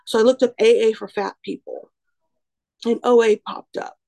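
This recovery speaker, a woman in her twenties, has a creaky, mellow voice on the high side, holding a steady tone at normal speed. Her personal testimony is frank and self-mocking, wandering along with frequent "you know"s and "um"s. The recording quality is low.

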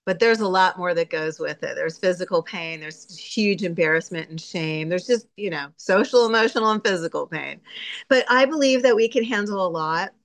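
A woman's voice: fairly low pitch, moderate pace. A woman giving a candid, chatty personal share at a recovery meeting, laughing often and acting out her own inner voice. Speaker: speaker sharing at a recovery meeting.

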